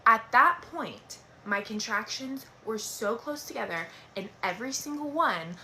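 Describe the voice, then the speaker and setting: A young woman telling a dramatic personal story in a casual storytime, animated and swearing freely. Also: medium pitch, a little hiss or hum.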